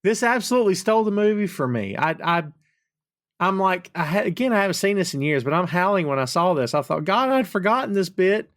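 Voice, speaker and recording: A man's voice: sits high, lively intonation, brisk, a bit bright, no room sound, studio quality. A man hosting a podcast, chatting casually about a film with enthusiasm, laughing often. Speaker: podcast host. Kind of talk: casual film review chat.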